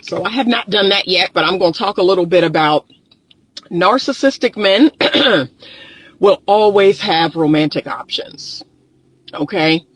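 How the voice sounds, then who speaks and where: A male relationship therapist with a groggy morning voice records casual vlog commentary on a phone held or propped nearby, outdoors in the sun. His voice sits high, fairly bright and slightly rough, with lively intonation and a little slow pace, and he talks emphatically, repeats points, and addresses viewers directly; the recording quality is low.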